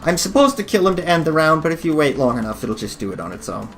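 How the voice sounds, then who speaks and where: A man's voice: on the high side, very animated, fast, soft background music. A man hosting a gaming channel, giving rambling, jokey, self-deprecating commentary while he plays. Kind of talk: casual gameplay commentary. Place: home office.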